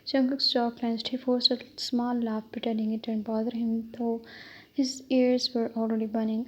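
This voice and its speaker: A woman reading a fan-fiction story aloud in an even way, stumbling now and then. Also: on the high side, normal speed, slightly rough. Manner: flat, even reading with small slips. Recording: dull lo-fi with faint hiss.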